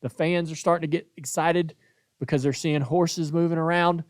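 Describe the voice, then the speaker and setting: Animated man telling a story. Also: fairly high pitch, moderate pace, no echo, clean studio sound. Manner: animated storytelling, acts out quoted voices. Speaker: podcast host. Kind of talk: casual storytelling chat.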